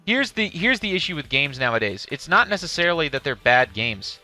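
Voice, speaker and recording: A man's voice: fairly high pitch, very animated, brisk, bright, forceful tone, soft background music. A man streaming live, giving casual, profane commentary on a game showcase and reading chat questions aloud.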